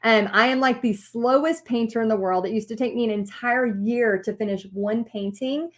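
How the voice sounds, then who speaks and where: A woman telling a personal story to an audience in a lively way, acting out what people said. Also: on the high side, moderate pace. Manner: animated storytelling with acted-out quotes. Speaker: paint party business teacher.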